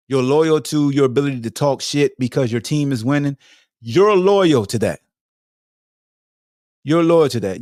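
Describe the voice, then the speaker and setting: A man's voice: no echo, studio quality. A man hosting a podcast, giving a solo sports commentary rant in a slangy, profane way, talking straight to his listeners. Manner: animated, swinging between loud high bursts and low mutters. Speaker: podcast host.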